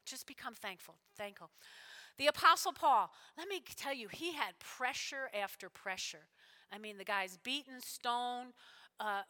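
A woman preaching a sermon in a church, animated and repetitive, often checking in with her listeners. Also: sits high, clean tone. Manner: animated, repeats lines, checks in with "all right?". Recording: long hall reverb.

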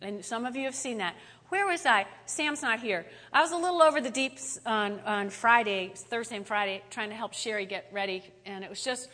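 A middle-aged woman pastor giving a chatty, animated sermon that swings up to loud exclamations. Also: on the high side, brisk, long reverb tail.

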